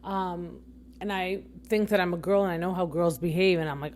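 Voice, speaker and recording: A woman's voice: lowish voice, normal speed, darkish tone, a little hiss or hum. A young adult woman hosting a podcast, giving casual opinion commentary in a chatty, rambling way with frequent self-corrections. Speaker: podcast host.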